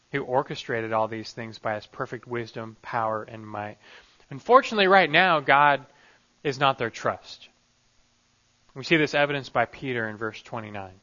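Bright-voiced man preaching a sermon. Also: a little high, muffled recording. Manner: emphatic, with many rhetorical questions.

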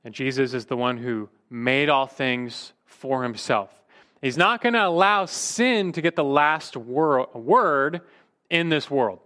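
A man's voice: medium pitch, slow pace, pushed and bright. A male pastor preaching a sermon emphatically, his voice rising and dropping for emphasis, sometimes restarting a word mid-phrase.

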